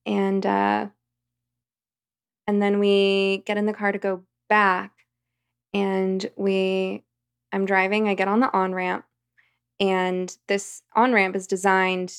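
A woman's voice: mid-range voice, little pitch movement, slow, creaky, long pauses, clean tone, dry recording, clean studio sound. A woman, a podcast guest, telling a long personal anecdote in a rambling, vivid conversational way. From United States. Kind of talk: storytelling in conversation.

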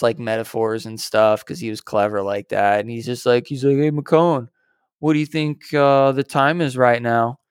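A young man with a medium-pitched voice tells a story on a podcast in a loose, animated way. He acts out the people in it and swears casually. The recording is dry and close. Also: creaky, clear, resonant tone, dry recording. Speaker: podcast co-host.

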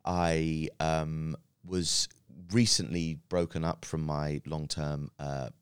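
Man, very low voice, smooth resonant tone, comedian guest, rambling anecdote, dry studio sound. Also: flat delivery, takes it slowly, no room sound. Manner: rambling, hesitant with many fillers. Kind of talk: casual storytelling chat. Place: podcast studio.

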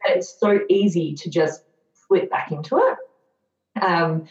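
Woman in her thirties, earnest storytelling guest, low voice, echoey lo-fi recording. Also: a little mellow. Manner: earnest, reflective, quick to self-mocking sarcasm. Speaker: podcast guest. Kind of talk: candid personal storytelling. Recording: dull, roomy lo-fi recording.

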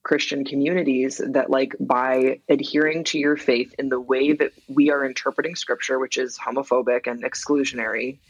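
Heard through a low-quality recording with no room sound, a woman with a husky bass voice talks at normal speed with a flat delivery and hardly any pauses. She is a songwriter guesting on a podcast, speaking candidly and reflectively, laughing often and leaning heavily on "like."

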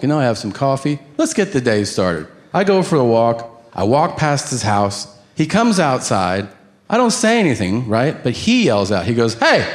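A man doing a stand-up routine, telling a story with quoted dialogue. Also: mid-range voice. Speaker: stand-up comedian.

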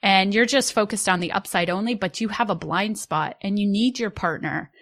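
A woman co-hosting a podcast, thoughtfully building on her guest's points in relaxed conversation. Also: mid-range voice, moderate pace. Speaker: podcast co-host.

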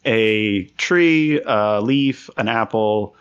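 Slow rambling podcast guy. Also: fairly low pitch, clear, resonant tone. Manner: rambling, giggly, lots of fillers. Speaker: podcast host. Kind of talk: casual chat. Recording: lo-fi podcast audio.

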